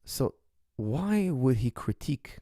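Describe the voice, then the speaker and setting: Male coach-host, impassioned emphatic monologue, middling pitch, dry recording. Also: sing-song, slow, no echo. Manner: emphatic, repetitive, rising to forceful outbursts. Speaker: martial arts coach hosting a Q&A.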